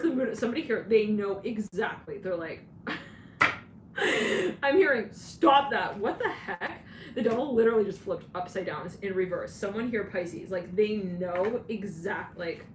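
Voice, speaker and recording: A woman giving a channeled tarot reading who rambles and breaks into frequent giggles. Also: mid-range voice. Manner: giggly, rambling, laughs often. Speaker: tarot reader. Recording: roomy, distant mic with clear background noise.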